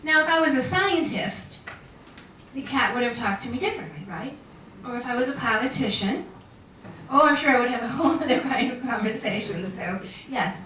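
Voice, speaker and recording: A woman shares lively stories about talking with animals, laughing often. Her voice is bright and a little high. She sounds distant, in a reverberant room with faint noise. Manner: chatty, laughing, animated storyteller. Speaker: animal communicator. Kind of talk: storytelling talk to an audience.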